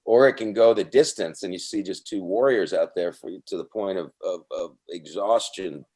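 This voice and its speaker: A man's voice: deep voice, normal speed, a little mellow. A male actor talking casually in a video call interview, rambling with many restarts and fillers. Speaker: actor guest.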